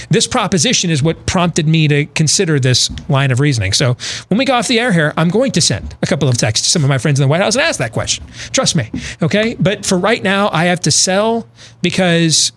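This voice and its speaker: A man's voice: fairly high pitch, lively intonation, brisk, fairly bright tone. A middle-aged man hosting a talk show, giving blunt, emphatic opinions and repeating phrases for emphasis. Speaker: host. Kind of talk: casual political talk radio banter.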